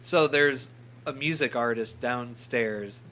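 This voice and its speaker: A man co-hosting a podcast, telling a story in a lively joking way, laughing and swearing casually. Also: mid-range voice, slow pace. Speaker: podcast co-host. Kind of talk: casual chat.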